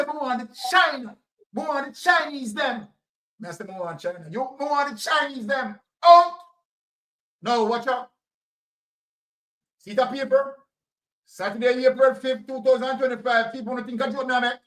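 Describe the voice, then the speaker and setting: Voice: sits high, moderate pace, long pauses, a bit bright, recorded from a distance, rough recording. A political commentator with a Jamaican accent, talking emphatically and repeating phrases in Jamaican Patois. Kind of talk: impassioned commentary.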